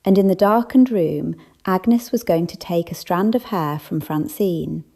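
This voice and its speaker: A woman narrating a cozy mystery audiobook with an even, measured reading. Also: fairly low pitch, creaky. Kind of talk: scripted narration.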